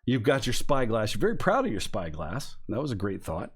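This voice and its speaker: A man running a tabletop game with a low voice that swings up and down a lot. He narrates loosely, swears freely and keeps checking in with his players. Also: brisk, breathy edge. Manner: animated, loose and profane. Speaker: game master.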